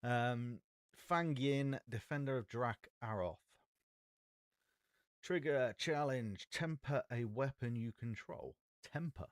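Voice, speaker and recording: A man's voice: medium pitch, takes it slowly, dry recording. Man thinking aloud on a stream. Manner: thinking aloud while reading card text. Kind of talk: casual live-stream chat. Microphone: XLR mic.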